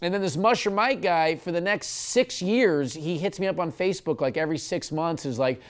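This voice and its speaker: A male comedian telling a story in an interview, chatty and self-mocking. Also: on the high side. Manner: quick, chatty, self-mocking, many likes.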